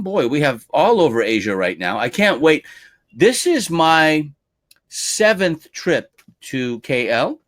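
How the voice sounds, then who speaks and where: A male lead trainer hosting a live-stream webinar, upbeat as he reads out viewer names one by one and welcomes them. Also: medium pitch.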